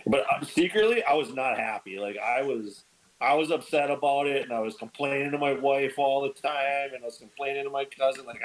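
A man guest on a podcast, telling stories in casual chat, lively and animated, acting out quoted lines with big jumps in pitch. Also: fairly quick, poor audio. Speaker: podcast guest, bird dog kennel owner.

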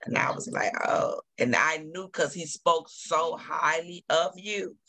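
A middle-aged grieving father with a gravelly, fried voice and a sharp, bright edge. He talks haltingly, restarting his sentences and letting words trail off. The sound is close and dry. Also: on the high side, no echo. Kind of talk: emotional conversation.

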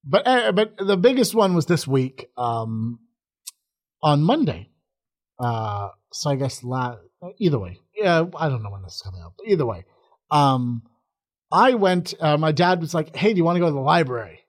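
A young man co-hosts a casual podcast, his pitch rising and falling a lot as he talks. He wanders through his stories with plenty of ums and restarts, and his voice sits slightly on the high side. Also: sing-song, measured pace. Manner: rambling, hesitant, filler-heavy, laughing. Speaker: podcast co-host. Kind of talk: casual chat.

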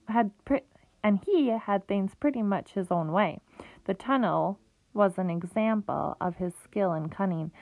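A woman reading a children's book aloud in a lively way, with small slips and restarts, on a tinny phone-like recording. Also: medium pitch, dry recording. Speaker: reader.

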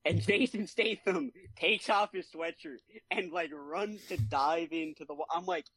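A man's voice: on the high side, a little slow, breathy edge, no room sound, rough recording. A young man co-hosting a podcast, chatting casually about a movie, laughing often and acting out lines from it. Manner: animated, laughs often, acts out quotes. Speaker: podcast co-host.

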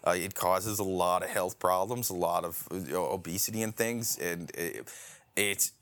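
A man co-hosting a casual podcast chat, ranting with lots of swearing and big swings in his voice. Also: a little slow. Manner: profane, ranting, animated swings in pitch.

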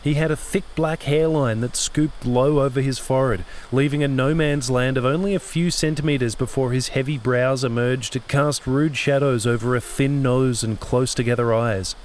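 A man narrating his own novel-length audio story in a steady, scripted reading. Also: mid-range voice, moderate pace, few pauses, slight background noise. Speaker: narrator and author.

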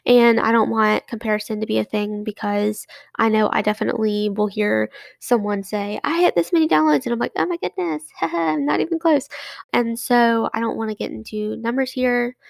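Young woman, solo podcast host, chatty and grateful, slightly high voice with some fry. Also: no room sound. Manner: effusive and grateful, chatty with many restarts. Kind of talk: casual monologue to listeners.

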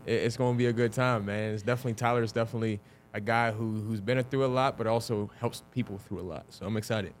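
A man's voice: on the low side, steady tone, fast, soft background music. A man co-hosting a podcast, chatting in a laid-back, joking way. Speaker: podcast co-host. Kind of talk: casual chat.

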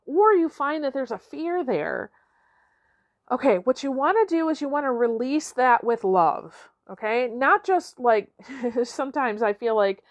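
A woman's voice: a little high, animated, normal speed, no room sound. A middle-aged woman giving a conversational motivational talk as a coach, often checking in with "okay?" and "right?" and laughing now and then.

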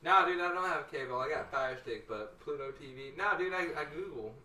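A man's voice: fairly high pitch, animated, brisk, bright, forceful tone, reverberant, distant mic, rough recording. A man who does stand-up, co-hosting a podcast in loose, profane banter and laughing often. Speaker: podcast co-host, stand-up comic.

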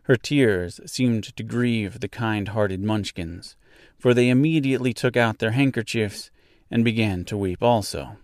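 A man hosting a podcast, reading a children's classic aloud in slow, deliberate storybook narration. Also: on the low side, a little mellow, no room sound, clean studio sound.

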